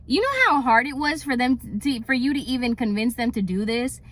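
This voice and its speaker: A young woman tells a storytime with exasperation, full of "like" as she rants. Her voice sits a little high and sounds bright and sharp. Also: a little fast. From Puerto Rican heritage. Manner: exasperated, animated retelling with frequent "like". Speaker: hairstylist and storytime vlogger. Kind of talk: casual storytime rant.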